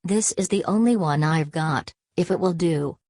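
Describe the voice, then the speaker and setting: Woman reading as a shrill fussy laborer's wife. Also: moderate pace, a little mellow, dry recording. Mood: fussing. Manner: shrill, bustling.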